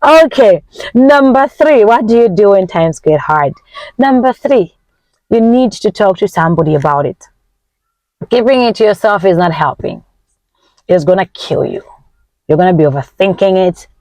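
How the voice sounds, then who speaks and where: An emphatic woman, a Nyanja speaker, coaching her viewers like a self-help preacher. Her voice leaps up and slows right down as she stresses a point. The sound is close and dry, with no room echo. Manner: emphatic and expressive, with big swings in pitch and tempo; preachy, faith-filled encouragement. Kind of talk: motivational vlog talk.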